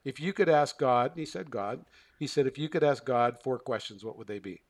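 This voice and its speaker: A man speaking at an ordinary middle pitch tells a long personal story as an interview guest. He rambles and restarts his sentences, acting out the voices of people in the story. His tone stays casual and conversational. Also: brisk. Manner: rambling, self-correcting, acts out quoted dialogue. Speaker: guest, therapist.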